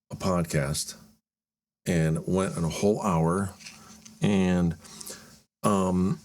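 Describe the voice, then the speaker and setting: A man's voice: deep voice, a little mellow. A man hosting his own show, talking casually and rambling in a chatty, self-deprecating way from a cold home garage. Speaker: podcast host. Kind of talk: casual solo talk.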